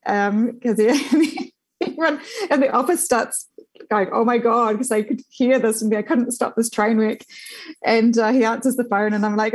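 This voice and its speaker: A woman's voice: a little high, measured pace, low-quality recording. Chatty New woman telling stories. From New Zealand. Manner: animated anecdotes with frequent fillers and laughter. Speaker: journalist guest. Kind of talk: conversational interview storytelling.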